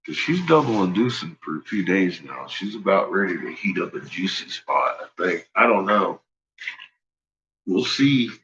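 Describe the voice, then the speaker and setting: Muffled audio captures this host's low-pitched voice, pushed and bright with big pitch swings at a normal speed. On his casual livestream he rambles and rants, profane and quick to laugh.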